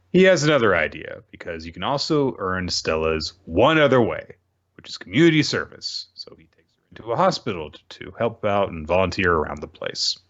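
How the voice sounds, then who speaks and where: A man's voice: sits low, a bit bright, highs cut off. A man co-hosting a podcast, casually recapping manga chapters in a rambling way, often correcting himself and adding asides.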